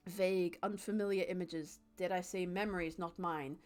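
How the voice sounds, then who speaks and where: A woman's voice: lowish voice, moderate pace. A young woman streaming a game, reading its narration dramatically and chatting with her cat and viewers. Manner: chatty and animated, reads narration with dramatic flair, talks to her cat and chat. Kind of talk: live let's-play with dramatic reading of game text.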